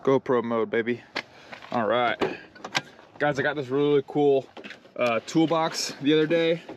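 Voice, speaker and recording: Speaking at medium pitch with fairly even intonation and a moderate pace, a pressure washing business owner vlogs his day at a rural outdoor job site. He's laid-back, rambling, full of ums, and a bit out of breath. The audio is dull against a noisy background.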